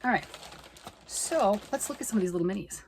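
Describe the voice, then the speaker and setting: A middle-aged woman chatting fast and excitedly about knitting, rambling off on tangents. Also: mid-range voice, vocal fry, slight background noise. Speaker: knitting vlogger. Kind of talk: casual chat.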